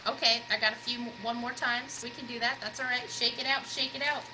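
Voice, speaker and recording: A woman's voice: on the high side, steady tone, quick pace, background noise. A woman leading a band rehearsal over a video call, in an upbeat, chatty, coaching way. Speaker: band director. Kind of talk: online rehearsal talk. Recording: music playing in the background.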